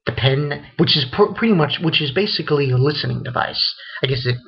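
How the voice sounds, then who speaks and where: A man rambles through a casual recap of an anime episode, piling on fillers, restarts and profanity. His voice is husky and mid-pitched. The recording sounds dull and lo-fi. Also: expressive, brisk. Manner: rambling, loose, swears a lot, many fillers. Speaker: anime reviewer.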